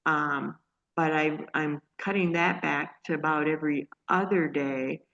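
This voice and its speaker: Woman, deep voice, fry, halting casual storytelling, earnest, muffled lo-fi recording. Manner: halting, many restarts and fillers; earnest and excited. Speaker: guest sharing a healing testimony. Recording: dull lo-fi audio.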